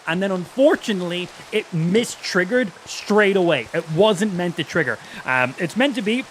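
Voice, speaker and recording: A man's voice: high-pitched, expressive, normal speed, fairly bright tone, slight background noise. A man live-streaming a video game, chatting casually about what he is doing and swearing freely when things go wrong. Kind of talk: live gameplay stream commentary.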